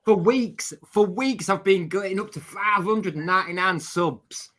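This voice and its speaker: A man's voice: sits high, normal speed, bright, forceful tone. A man on a live stream chat, ranting emphatically about another channel. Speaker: guest streamer. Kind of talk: casual chat.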